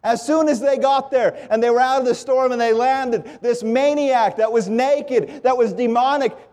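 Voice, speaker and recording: A man preaching a sermon with passion, his voice climbing into loud pleading and dropping to hushed lows. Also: moderate pace, hardly any pauses. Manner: impassioned, swings from loud pleading to low hushed.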